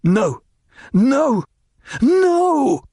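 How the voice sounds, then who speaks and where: A man's voice: fairly high pitch, lively intonation, a little slow, dry recording, clean studio sound, voice pushed up. A man reading the part of a gifted young nobleman, bitter and intense, his voice rising as he grows frantic. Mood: anguished.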